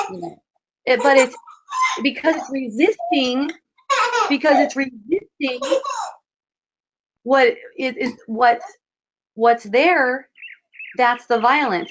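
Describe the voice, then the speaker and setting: Brief: woman spiritual teacher, gentle and repetitive delivery, slightly high voice, dull lo-fi call sound. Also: animated, slow pace, long pauses. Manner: soft, repetitive, frequently asks "see?". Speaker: spiritual teacher hosting a dialogue. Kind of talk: gentle spiritual guidance talk. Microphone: video call.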